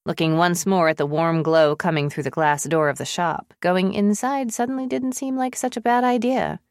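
A woman narrating an audiobook in a measured, even storytelling manner on a close studio mic. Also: lowish voice, dry recording. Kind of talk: scripted narration.

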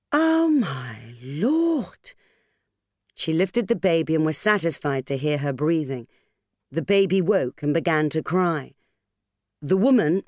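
A woman reading an audiobook in a measured, expressive narration, recorded on a studio microphone. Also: sits low, no echo. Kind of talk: scripted narration.

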